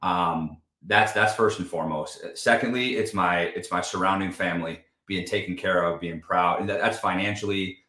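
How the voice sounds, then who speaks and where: A man's voice: low voice, normal speed, hardly any pauses, sharp tone, roomy sound. A man talking as a podcast guest in casual chat, emphatic and profane, often saying dude and man.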